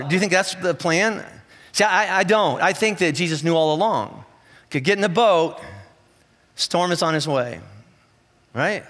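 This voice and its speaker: A man's voice: high-pitched, a bit bright. A man preaching a sermon, telling a story with playful asides and acting out voices. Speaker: pastor. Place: large church hall. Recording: church hall with long reverb.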